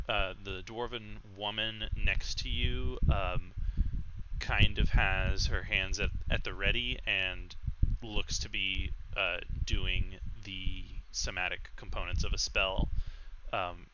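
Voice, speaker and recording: A man narrating as game master, describing scenes in a halting way with many fillers. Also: low voice. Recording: muffled lo-fi mic with background noise.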